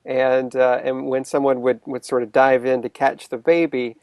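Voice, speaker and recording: A man talks in a relaxed, chatty manner as a co-host, breaking into easy laughter. His pitch sits in the middle range. The recording is dry and close, with no room sound. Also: moderate pace, smooth, no room sound. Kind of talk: casual conversation.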